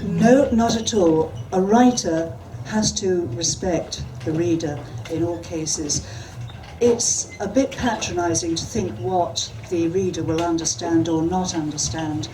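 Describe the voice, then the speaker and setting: A woman's voice: on the low side, unhurried. Woman author reading from afar. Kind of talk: reading fiction aloud at a panel. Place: event hall. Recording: distant mic with background noise.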